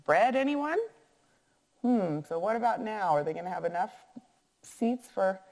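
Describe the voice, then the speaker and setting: A woman teacher reads a picture book aloud and stops to count out loud and ask her listeners questions in a musing way. Her voice is lively and rises and falls, and it rings in an echoey room. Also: medium pitch, gravelly.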